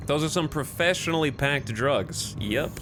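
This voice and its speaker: Lively, joking male game streamer. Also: a little high, moderate pace, noisy background. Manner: rambling, jokey, restarts his sentences. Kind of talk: casual live-stream chat.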